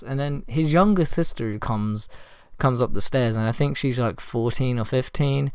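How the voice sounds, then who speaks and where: A man with a hoarse voice from a cold, telling a story to his viewers in a casual, rambling way with lots of fillers. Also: mid-range voice, a little fast, slight background noise. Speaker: vlogger.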